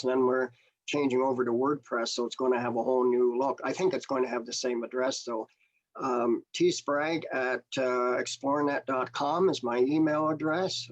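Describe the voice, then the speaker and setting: An older man speaks in a casual interview over a video call. He is a naturalist guest who rambles, hesitating and circling back with plenty of fillers. His voice sits at an ordinary middle pitch. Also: highs cut off.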